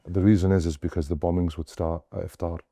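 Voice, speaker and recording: A man's voice: low voice, level tone, fast, warm tone, no room sound, clean studio sound. A young man, a doctor, earnestly telling stories of his mission in an interview, often retelling scenes with quoted dialogue. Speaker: doctor guest on a humanitarian mission.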